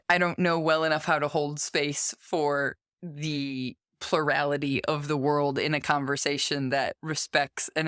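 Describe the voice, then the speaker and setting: A woman's voice: low voice, a bit bright, clear, resonant tone, dry recording, clean studio sound. A woman in her thirties hosting a casual podcast interview, chatty and self-deprecating. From United States. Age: 30s. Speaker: podcast host.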